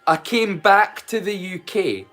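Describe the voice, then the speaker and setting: Chatty Scottish man, slightly high voice. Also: expressive, measured pace, a bit bright, faint music behind. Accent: Scottish, mixed and borrowed. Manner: rambling and chatty, answers his chat directly. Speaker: live-stream host. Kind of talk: casual live-stream watch-along chat.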